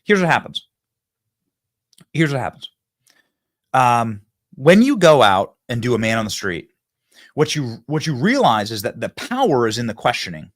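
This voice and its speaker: A man's voice: medium pitch, very animated, moderate pace. A man in his thirties hosting a political commentary show, talking emphatically and repeating himself as he builds to punchy lines. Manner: emphatic, repetitive, rising to near-shouts when acting out debate lines. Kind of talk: animated political monologue.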